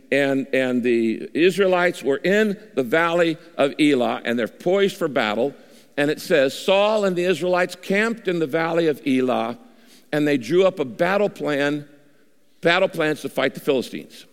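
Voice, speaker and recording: Man preaching in a reverberant hall. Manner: preaching with dramatic pauses, shifting pitch for emphasis. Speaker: pastor. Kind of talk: sermon. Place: large church auditorium.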